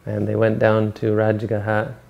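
A man giving a dharma talk, retelling a story in a relaxed, rambling way and correcting himself as he goes. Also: on the low side, normal speed, vocal fry, dull audio. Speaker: meditation teacher.

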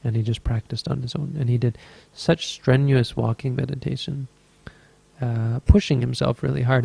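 A man's voice: medium pitch, creaky, mellow, slightly rough, dry recording. A man teaching as a Buddhist meditation teacher, telling a story in a dharma talk with an easygoing, rambling manner and frequent self-corrections.

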